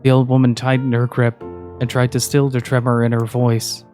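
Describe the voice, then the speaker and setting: A man reading a story aloud in a steady, measured narration. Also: medium pitch, soft background music.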